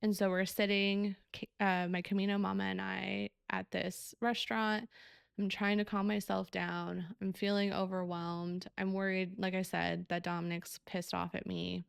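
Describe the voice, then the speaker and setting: A woman's voice: mid-range voice, level tone, moderate pace, gravelly, smooth, dry recording, clean studio sound. A young woman hosting a podcast, telling a personal story in a candid, emotional way with frequent swearing and fillers. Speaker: podcast host.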